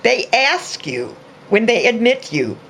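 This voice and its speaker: A middle-aged father in casual chat, telling stories slowly and earnestly. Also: very high-pitched, sing-song, gravelly, bright, forceful tone, a little hiss or hum. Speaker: parent of a teenage son.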